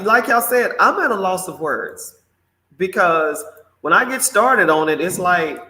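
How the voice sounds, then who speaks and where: Outspoken high-voiced man hosting a live show. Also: sharp tone. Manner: exclamatory, outspoken, talks straight to viewers. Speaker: morning show host. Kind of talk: live commentary, reading viewer comments. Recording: roomy echo.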